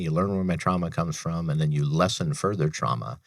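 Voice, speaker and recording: A man's voice: low voice, brisk, dry recording, clean studio sound. A man in his thirties, a veteran and author, telling personal stories in an earnest, repetitive way as a radio interview guest. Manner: earnest, personal storytelling with repeated phrases. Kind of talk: interview talk on a business radio show.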